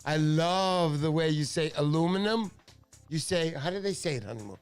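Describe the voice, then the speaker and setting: Middle-aged guy hosting a livestream, kinda high voice, excitable storyteller doing voices, light music behind. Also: moderate pace, clear, resonant tone. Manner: excitable storyteller, acts out voices in his stories. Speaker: livestream host. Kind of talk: casual livestream chat.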